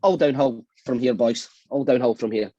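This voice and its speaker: A man's voice: mid-range voice, moderate pace, mellow, lo-fi sound. A man in a casual quiz, jokingly cursing the host and grumbling in mock defeat. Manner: playfully sulky, swears in jest. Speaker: quiz contestant.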